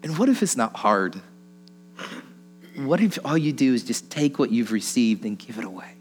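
A man's voice: mid-range voice, sing-song, moderate pace, faint music behind. A man preaching a sermon in a casual storytelling way, chuckling through anecdotes and posing rhetorical questions. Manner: chatty, laughs while telling stories, rhetorical questions.

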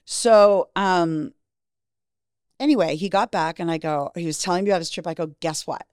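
Frank, lowish-voiced middle-aged woman. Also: moderate pace, darkish tone, smooth, no echo, clean studio sound. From Canada. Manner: frank, profane, acts out quoted voices. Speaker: interview guest. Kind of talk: candid storytelling.

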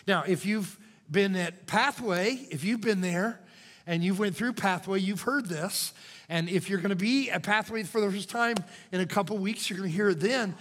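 An older man preaching a sermon as pastor, moving from loud cries to hushed whispers. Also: high-pitched, moderate pace. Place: church sanctuary. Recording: church hall reverb.

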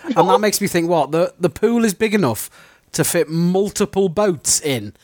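A man's voice: high-pitched, animated, moderate pace, a little mellow, no room sound, clean studio sound. A man chatting casually on a book podcast, musing and correcting himself as he goes. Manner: wandering, self-correcting musings. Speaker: podcast co-host. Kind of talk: casual book-club chat.

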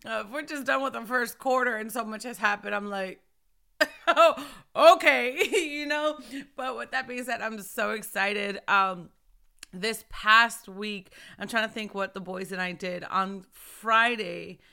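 A woman in her thirties hosting a casual, heartfelt Christian talk show, lively and laughing often, speaking into a microphone. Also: mid-range voice, moderate pace, gravelly, clean tone. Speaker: host of a Christian ministry video show. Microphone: microphone in front of her.

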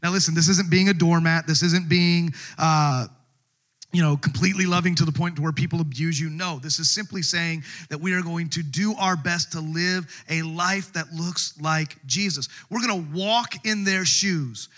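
A middle-aged man preaching a sermon as pastor, telling stories in an animated way, often laughing and raising his voice. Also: on the high side, moderate pace.

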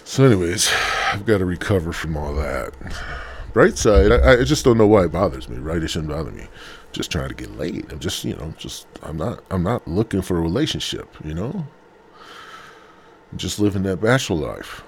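Deep-voiced male podcast host, loose and foul-mouthed, talking from his bed at home. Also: big pitch swings, normal speed, a little hiss or hum. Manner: rambling, profane and slangy. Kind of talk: casual podcast monologue.

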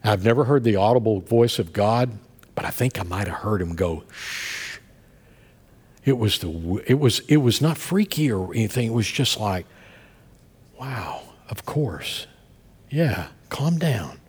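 A middle-aged male pastor preaching and telling a story to his congregation, swinging between soft murmurs and loud outbursts. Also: lowish voice, lively intonation, brisk, slightly rough. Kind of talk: sermon. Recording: long hall reverb.

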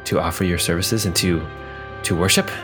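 A man narrating as game master of a tabletop role-playing game, relaxed, with filler ums. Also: low-pitched, brisk, over music.

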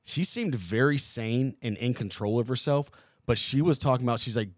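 A man hosting a podcast, telling stories in casual chat, animated and swearing freely. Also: mid-range voice, fairly quick, dry recording, clean studio sound. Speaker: podcast host.

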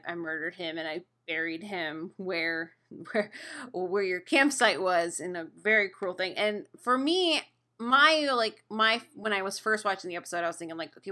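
A woman with a bright, forward voice talks through a TV episode with her co-host. She reasons things out step by step in a relaxed, conversational way. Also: mid-range voice. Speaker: podcast co-host. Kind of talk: casual TV recap chat.

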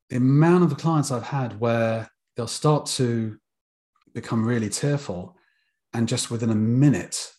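A British man who works as a therapist, speaking in a measured, thoughtful way during a conversation. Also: medium pitch, a little mellow. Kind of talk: casual conversation.

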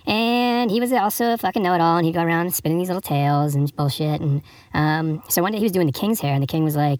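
Man, podcast host, crude improvised comedy storytelling, rambling, profane, quick pace, dry close sound. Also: on the high side, steady tone, darkish tone, dry recording. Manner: reads a fable aloud with jokey asides.

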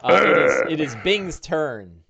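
Animated man running a tabletop game. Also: a little high, measured pace, gravelly, muffled recording. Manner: lively narration with shouted orc voices. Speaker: game master.

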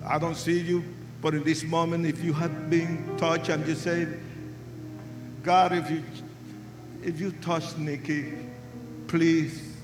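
An older man preaching a testimony sermon with English, impassioned and shouting at the peaks. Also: on the high side. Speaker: evangelist. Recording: roomy hall sound.

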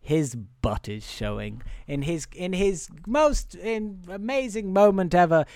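A man's voice: high-pitched, animated, a little slow, hardly any pauses, a little mellow, no room sound, clean studio sound. A man co-hosting a podcast over a video call from his room at home, recapping a movie in a rambling, casual way with lots of fillers. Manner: rambling, filler-heavy, acts out quotes. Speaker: podcast co-host.

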